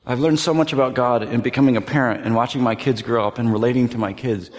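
A man in his thirties preaching a sermon, earnest, dropping to soft, hushed tones at tender moments. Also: medium pitch, steady tone, quick pace. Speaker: pastor. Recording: long hall reverb.

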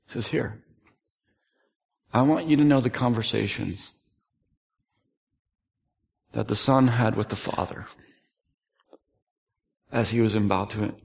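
A man preaching a sermon earnestly, at times emphatic and at times dropping to a hushed, quiet voice. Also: lowish voice, slow, creaky, pauses often, husky, in a large hall. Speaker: pastor.

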